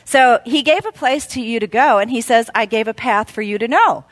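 A middle-aged woman preaching at a women's event, shifting between hushed, slow emphasis and lively, loud storytelling. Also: fairly high pitch, no echo. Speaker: speaker at a women's Christmas event. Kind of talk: sermon.

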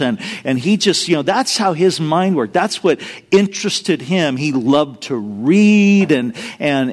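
A man's voice: on the high side, a little mellow. A middle-aged man preaching a sermon, earnest and emphatic, weaving in personal stories. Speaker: pastor.

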